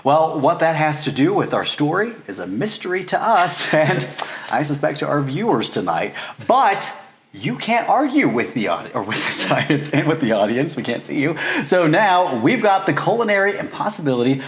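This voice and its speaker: A man's voice: fairly high pitch, normal speed, a little hiss or hum. A man who is a news anchor, chatting playfully and reading a mock newscast with ad-libs. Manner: lively, laughing, playful ad-libs. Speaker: morning news anchor, guest.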